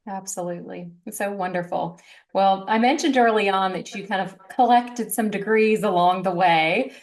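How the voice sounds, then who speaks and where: A woman hosting a podcast, asking questions and encouraging her guest in a warm, casual way. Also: medium pitch, moderate pace. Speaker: podcast host. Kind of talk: casual interview talk.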